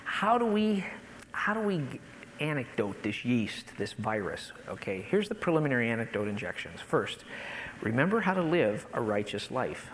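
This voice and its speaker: A man preaching a sermon, building to impassioned peaks and then dropping low and soft. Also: sing-song, moderate pace, a little hiss or hum, rough recording. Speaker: pastor.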